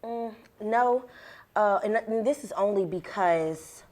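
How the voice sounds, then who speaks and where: A young adult woman speaking on a panel, emphatic and animated, laughing as she makes her points. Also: mid-range voice, slow. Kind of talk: candid panel discussion.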